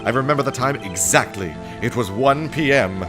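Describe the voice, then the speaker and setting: A man voicing a squirmy, sneaky male newspaper salesman in a video game, using a fake British accent and a high, nervous, fawning voice. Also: lively intonation, moderate pace, over music, lightly acted. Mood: nervous testimony.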